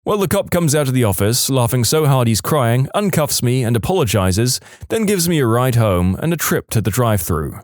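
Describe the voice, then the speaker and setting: A man narrates short storytime anecdotes with an animated, swinging delivery. He slips into quick put-on voices for the people he quotes. The recording is close and dry, with no room sound. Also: mid-range voice, no room sound. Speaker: narrator reading stories.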